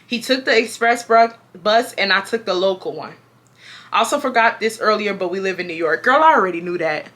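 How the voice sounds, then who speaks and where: A young woman from Houston with a bright, crisp voice reads a viewer's story to her vlog audience. She stays animated and playful, breaking off to tease and joke between passages. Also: medium pitch, brisk. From Houston, Texas. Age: 20s. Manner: animated and playful, laughing and joking between parts. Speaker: YouTuber.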